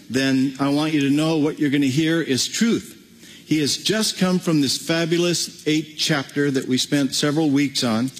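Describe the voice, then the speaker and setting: A man's voice: a little high, slightly rough, big-room sound. A man preaching, praying and then teaching a Bible passage in an emphatic, folksy way. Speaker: pastor. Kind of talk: sermon with prayer and Bible teaching.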